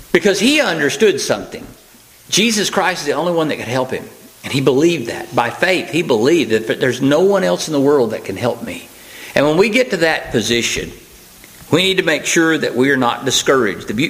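Male preacher, conversational sermon, folksy asides, plain unhurried delivery with ums and restarts. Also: medium pitch, expressive, a bit bright, rough recording.

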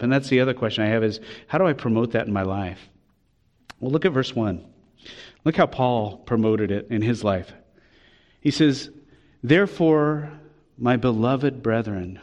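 Man preaching a sermon in a reverberant hall. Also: mid-range voice. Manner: earnest, warm preaching with emphatic rises. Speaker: pastor. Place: church sanctuary.

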